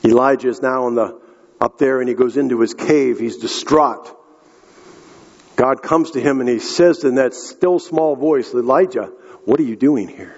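Unhurried and mid-range in pitch, a pastor tells an earnest story during his sermon and talks straight to the congregation. It's captured in an echoey hall with dull, lo-fi sound.

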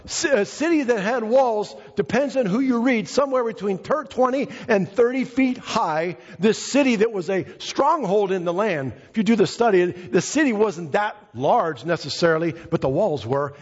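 A man's voice: high-pitched, slightly rough. A male pastor preaching a fervent, emphatic sermon in a church, often repeating his phrases for emphasis. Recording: reverberant hall, dull lo-fi sound.

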